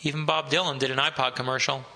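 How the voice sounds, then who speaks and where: Pushy middle-aged manager, bright and forceful; man voicing him in a reading. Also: medium pitch, level tone, fast. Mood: coaxing. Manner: pushy, street-smart. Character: blunt middle-aged male restaurant manager.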